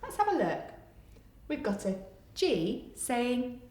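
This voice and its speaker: Animated teacher in an echoey room. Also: female voice, a little high, takes it slowly, long pauses. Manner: animated, sing-song storytelling, coaxing and encouraging. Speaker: primary school teacher. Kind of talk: reading a picture book aloud, then a phonics lesson for young children.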